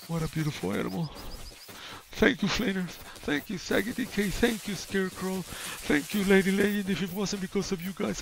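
A man's voice: high-pitched, gravelly. A man hosting gameplay commentary, gushing and over the top, repeating himself as he talks. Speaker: gaming channel host.

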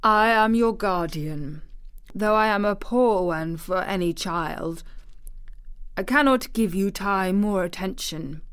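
A woman reading the part of an ill, worried gentleman guardian in a storybook, with a hesitant, absent-minded way of talking. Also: medium pitch, takes it slowly, clean tone. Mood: gloomy. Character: gloomy ailing gentleman guardian, distracted.

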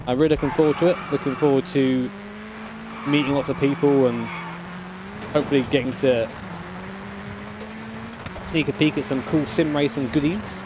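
A man's voice: medium pitch, normal speed, long pauses. Male streamer, casual and jokey, swears a lot, game engine noise underneath. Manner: casual, joking, swears freely. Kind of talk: live-stream gaming commentary. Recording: game car noise behind. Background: racing game engine sounds.

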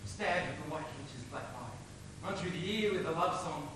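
A young man acting a quick-witted, mocking swordsman in a stage play, theatrical with sudden shouts. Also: a little high, animated, lightly acted. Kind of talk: amateur stage acting of classic verse. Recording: echoey hall, far, noisy old tape.

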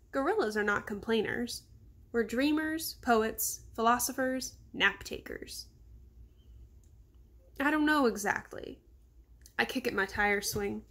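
A woman calmly reading a children's novel aloud. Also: fairly high pitch. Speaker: reader.

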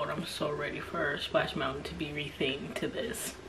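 Gushing low-voiced woman, half whispering. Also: little pitch movement, moderate pace, creaky, few pauses, background noise. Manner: gushing, often dropping to a whisper. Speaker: unboxing vlogger. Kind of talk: excited unboxing chat. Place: room at home. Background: kids playing outside.

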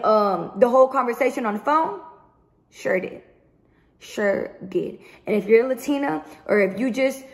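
A woman vlogger in a heated storytime rant to camera, swearing often and repeating herself for emphasis. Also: a little high. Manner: profane, emphatic, repetitive venting.

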